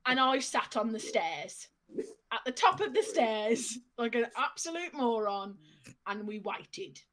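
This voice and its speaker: A woman with a fairly high voice spins a casual anecdote for a stream audience. She retells it in a lively way and keeps laughing as she talks. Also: a little slow. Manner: laughs through her story, lively retelling. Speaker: storyteller on a stream.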